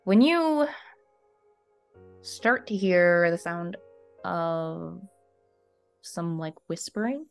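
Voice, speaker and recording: A woman narrating a tabletop role-playing game as game master, telling the scene in an unhurried, expressive way. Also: on the low side, vocal fry, soft background music.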